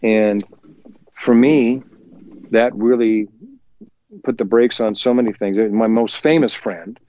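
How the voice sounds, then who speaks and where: A man's voice: mid-range voice, dry recording. Guy telling a story from his home studio, does little voices for people he quotes, kinda muffled dry sound. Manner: lively, acts out quoted voices, chuckles while telling; talks faster when excited. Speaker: musician guest. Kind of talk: anecdotal storytelling in an interview.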